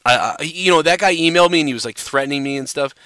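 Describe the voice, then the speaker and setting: A man hosts a live stream, rambling and cursing freely with constant fillers. His voice is bright and forceful, smooth and clear. The sound is dry and close to the mic. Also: a little high, fast talker, no room sound. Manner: profane, rambling, lots of "you know". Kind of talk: casual live-stream rant.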